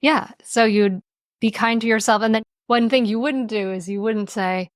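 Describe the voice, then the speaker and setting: A woman speaking as a podcast guest on parenting and mindfulness, gentle and reflective, often laughing lightly as she explains. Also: a little high, fairly even intonation, moderate pace, no echo, studio quality. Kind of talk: podcast interview.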